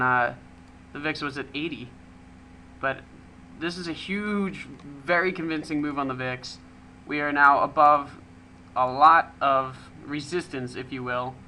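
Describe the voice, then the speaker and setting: Man, market commentary host, bright sharp tone, slightly high voice, ums and restarts. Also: a little hiss or hum, low-quality recording. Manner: brisk, with frequent ums and restarts. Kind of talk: casual market commentary over charts.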